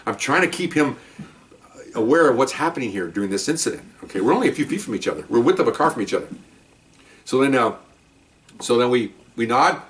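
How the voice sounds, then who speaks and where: Veteran cop storyteller, man, lively and acts out quotes, sits back from the mic. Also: mid-range voice, fast, far from the mic. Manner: animated, acts out quotes with rising voice. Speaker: retired police officer telling stories. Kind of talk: casual storytelling.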